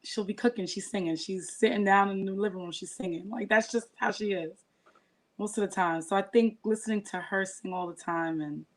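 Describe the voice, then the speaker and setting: A woman's voice: medium pitch, a little fast. A woman being interviewed as a singer and poet, talking casually and filling her speech with "like". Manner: chatty, filler-heavy with frequent "like".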